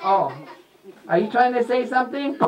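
A man's voice: very high-pitched, lively intonation, moderate pace, very noisy. A man working as a puppeteer, talking playfully to children in a live puppet show and quizzing them. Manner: playful, teacherly questions to kids.

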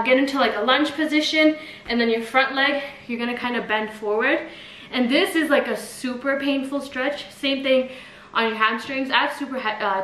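Woman, vlogger, chatty, slightly out of breath, higher pitch, echoey room, faint background noise. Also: fairly bright tone. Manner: chatty, lots of filler "like". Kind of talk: casual demonstration.

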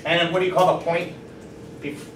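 A man teaching a math class, lively and encouraging, often asking the students questions. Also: high voice, fairly quick. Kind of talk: classroom lecture. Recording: roomy classroom from far off, faint noise.

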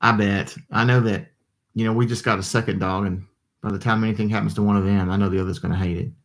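A man with a drawl hosts a relaxed livestream from his home desk, chatting with viewers and answering their comments. His voice sits a little low, and he rambles in a loose, tired way, yawning as he talks. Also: quick pace. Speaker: livestream host. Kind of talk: casual live chat reading comments.

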